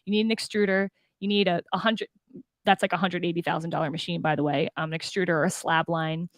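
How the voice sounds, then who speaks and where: A young woman from Arizona telling her business story in an enthusiastic, animated way, acting out the dialogue and saying "like" a lot. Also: fairly low pitch, quick pace, dry recording. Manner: enthusiastic, acts out dialogue, fillers like "like" and "oh my God". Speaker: guest, food business owner.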